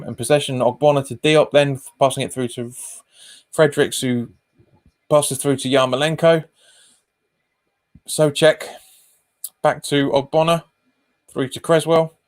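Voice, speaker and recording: A man streaming a live football watch-along, calling passes and chatting casually with viewers, often repeating himself. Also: on the high side. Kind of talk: live match commentary and chat reading.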